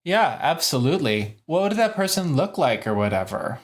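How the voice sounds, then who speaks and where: Tabletop player, animated pitch, joking, quick questions. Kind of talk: casual tabletop play.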